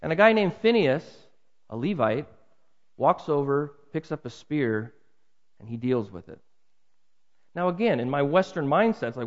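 A man's voice: animated, moderate pace, pauses often. Guy preaching a sermon, earnest and emphatic, big echoey church hall, kinda muffled audio. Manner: earnest, emphatic preaching with swings in pitch and volume. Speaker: pastor. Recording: muffled with long hall reverb.

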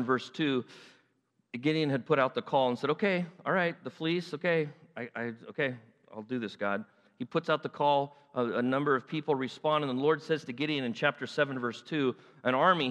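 A pastor with a fairly high, slightly bright voice preaches a sermon, animatedly acting out the story in different voices. The recording carries long hall reverb.

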